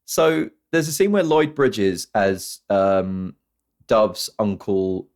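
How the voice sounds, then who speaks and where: Animated man retelling movie scenes. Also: lowish voice, slow. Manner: animated storytelling, acts out scenes in mock voices. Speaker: podcast co-host. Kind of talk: casual film-review chat.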